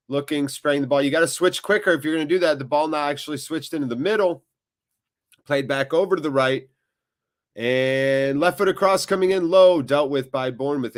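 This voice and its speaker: A man hosting a live football watchalong, commentating on the match and chatting with viewers, with loud reactions to big moments. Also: medium pitch. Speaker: watchalong host.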